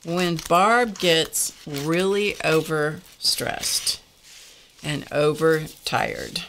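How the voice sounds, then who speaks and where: A woman's voice: low-pitched, drawn-out words, pauses often, fairly bright tone, slight background noise. An older woman hosting a casual art lesson, chatty and confessional, laughing often as she talks to her viewers. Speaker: art class host.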